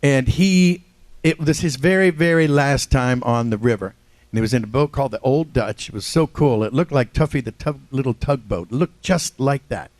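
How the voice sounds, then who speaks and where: A man's voice: medium pitch, moderate pace, a little mellow, no room sound. An older man from Ohio, a voice actor telling stories as a convention panel guest, joking and self-deprecating and often laughing. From Ohio, USA. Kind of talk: casual storytelling.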